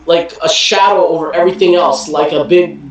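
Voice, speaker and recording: A man with a somewhat high voice tells stories in a casual interview. He rambles, restarting sentences and leaning on fillers as he goes. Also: fairly even intonation, fairly quick, poor audio. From New Jersey. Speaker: guest, wrestling promotion owner.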